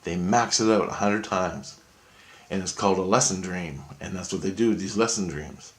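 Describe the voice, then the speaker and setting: A man in a rambling, profane monologue, telling his story excitedly. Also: low-pitched, normal speed.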